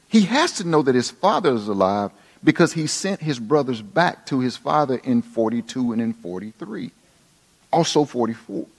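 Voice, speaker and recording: A high-pitched male preacher delivers a dramatic sermon, sinking to near-whispers and climbing back to emphatic declarations. His voice rings out with a long reverb, as in a large hall.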